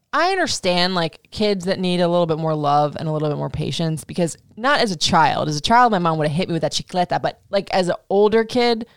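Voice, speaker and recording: A middle-aged woman hosting a casual chat, telling a story with swearing and lively acted-out quotes. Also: fairly low pitch, creaky, dry recording, studio quality. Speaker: podcast host.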